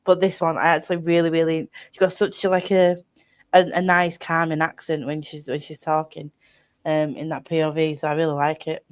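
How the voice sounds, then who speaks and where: A woman's voice: deep voice, little pitch movement, a little fast, clean tone, no echo. A young woman chatting with friends on a video call, rambling and restarting, swearing when she rants. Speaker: guest on a book stream. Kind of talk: casual chat with friends.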